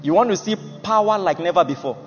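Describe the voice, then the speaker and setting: Animated preacher in a hall. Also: male voice, high-pitched, quick pace. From Nigeria. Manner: emphatic, laughs at his own jokes, acts out Bible figures. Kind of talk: sermon. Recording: muffled hall recording with music.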